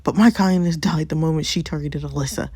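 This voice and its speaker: A woman's voice: low voice, a little fast, dark tone, breathy edge, no room sound. A woman voicing a scheming, protective young married man while reading a story game aloud, with little change to her own voice. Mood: determined.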